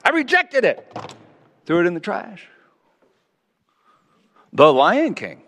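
A man in his sixties gives a self-mocking storytelling sermon, dropping to a low murmur and then rising to loud exclamations. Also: wildly swooping pitch, slow pace. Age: 60s. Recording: long hall reverb.

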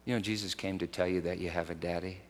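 A man's voice: deep voice, fairly even intonation, fast talker, a little hiss or hum. Earnest preacher man in a reverberant hall. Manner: earnest, personal storytelling. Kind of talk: conversational sermon.

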